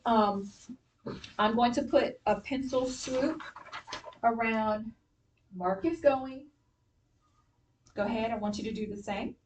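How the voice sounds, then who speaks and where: A woman teaching a classroom reading lesson, encouraging and clear as she gives instructions. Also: fairly high pitch, a little mellow. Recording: distant mic with faint noise.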